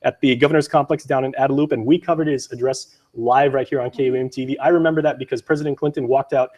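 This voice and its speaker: A young man from Guam hosting a news show, quick and joking as he runs a trivia quiz. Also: mid-range voice, steady tone, darkish tone. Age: young adult. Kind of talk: lively on-air quiz banter.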